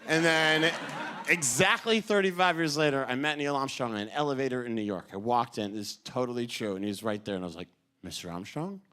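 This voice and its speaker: On a club stage, a young man delivers a stand-up routine full of lively storytelling and character bits. He speaks fast in a clear, resonant, medium-pitched voice while the audience laughs.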